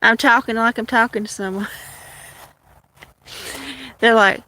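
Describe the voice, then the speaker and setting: A woman's voice: a little high, fairly even intonation, unhurried, pauses often, pushed and bright. A woman hosting a casual phone livestream outdoors, chatting to her cats and viewers in a rambling way. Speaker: livestream host. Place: outdoors with kittens, walking to a field.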